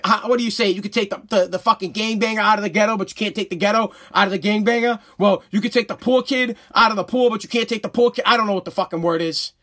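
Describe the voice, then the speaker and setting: Male podcast host, 30s, American, high-pitched, heated profane ranter. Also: fast, hardly any pauses. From United States. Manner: heated, profane, repetitive ranting; shouts at peaks, stumbles and restarts. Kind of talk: ranting live-stream podcast monologue.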